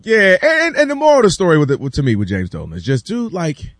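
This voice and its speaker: A man co-hosting a sports talk show, riffing excitedly and mimicking people in casual chat. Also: high voice, no echo. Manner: excitable, quick riffs and mimicry. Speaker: sports radio co-host.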